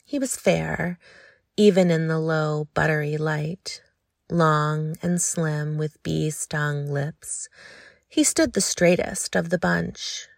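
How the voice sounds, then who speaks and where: A woman reading an intimate story aloud in a slow, hushed, lingering way. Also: low voice, fairly even intonation, gravelly, dry recording, studio quality. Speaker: narrator.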